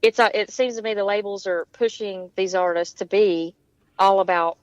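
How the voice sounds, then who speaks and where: A woman's voice: mid-range voice, little pitch movement, moderate pace, dry recording. Woman, chatty, laughs a lot, muffled dry sound. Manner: laughs often, candid and chatty. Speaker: guest musician. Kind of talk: casual chat. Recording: dull, dry, lo-fi line.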